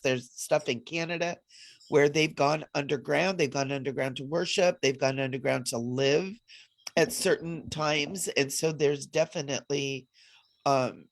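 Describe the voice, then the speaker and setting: A woman co-hosting a casual spiritual chat, playful and quick to laugh. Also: low-pitched. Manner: laughs often, playful and animated. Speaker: co-host.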